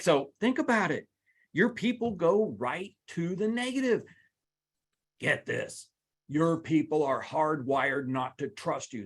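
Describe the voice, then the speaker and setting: A man's voice: on the high side, a bit bright, husky. A man teaching a live workplace seminar, talking straight to the audience with playful asides. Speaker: workplace trainer.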